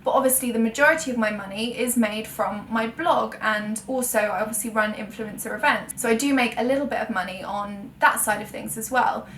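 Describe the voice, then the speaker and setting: Speaking a little fast with hardly any pauses, a young full-time blogger chats candidly to camera in a sit-down video, catching her own word slips and laughing at them. Her voice is on the high side and fairly bright. The room echoes, the mic is distant, and there's faint background noise.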